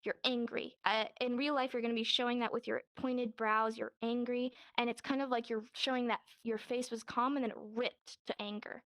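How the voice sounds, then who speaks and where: A woman's voice: a little high, little pitch movement, normal speed, few pauses, a bit bright, dry recording. A young adult woman teaching a casual sign language class in virtual reality. She talks in a chatty way, acts out quoted lines and laughs often, speaking into a headset mic.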